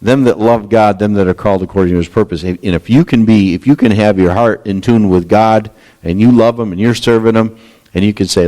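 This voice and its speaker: Animated preaching pastor, conversational and candid. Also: male voice, on the low side, a little fast. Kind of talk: expository sermon.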